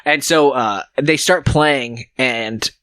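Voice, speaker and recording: A man's voice: medium pitch, fairly bright tone, smooth, no room sound. Male podcast co-host, loose and giggly recapper, mid-range voice, close dry mic. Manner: laughs often, stumbles over words, acts out characters in quick put-on voices. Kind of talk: casual movie recap chat.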